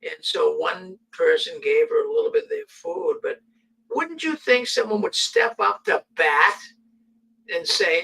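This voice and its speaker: Guy hosting a chat show, high voice that swings all over, set back from the mic. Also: big pitch swings, unhurried, vocal fry, sharp tone, breathy edge, far from the mic, rough recording. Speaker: host. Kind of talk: casual radio talk.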